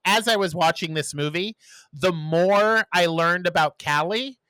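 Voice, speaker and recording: A man with a fairly high, very bright voice talks on a podcast in casual chat, animatedly retelling a movie's scenes and slipping into playful voices. The sound is close and dry. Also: unhurried, clear, resonant tone, dry recording. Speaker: podcast co-host.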